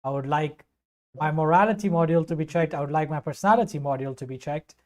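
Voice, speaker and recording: Man playing a deadpan scrap-built robot. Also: on the high side, fast, close to an everyday voice. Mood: earnest. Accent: Indian South African. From South Africa. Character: clunky male robot adventurer made of scrap.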